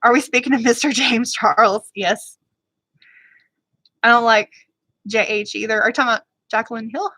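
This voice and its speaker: A woman beauty vlogger chatting casually on a livestream, answering viewers in a rambling, fired-up way and talking fast. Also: on the high side, pushed and bright, no echo, rough recording.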